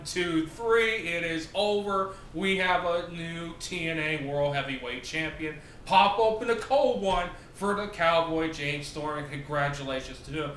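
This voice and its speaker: A man hosting his own wrestling recap show, talking in an excitable, sarcastic way and acting out the wrestlers' lines. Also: high voice. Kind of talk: animated solo recap and opinion. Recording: echoey room with faint noise.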